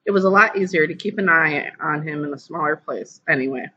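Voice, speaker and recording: A teacher reading a children's novel aloud to a class over a video call, lively and putting on voices. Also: medium pitch, fairly quick, lo-fi sound, a little hiss or hum. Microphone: computer mic on a video call.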